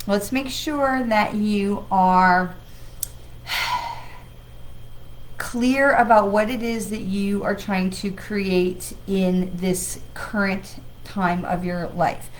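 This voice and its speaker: A woman's voice: medium pitch, fairly even intonation, extremely slow, slight background noise, rough recording. A woman hosting a weekly livestream as a psychic medium, talking in a chatty, rambling, enthusiastic way with an occasional cough from travel. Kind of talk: casual livestream talk.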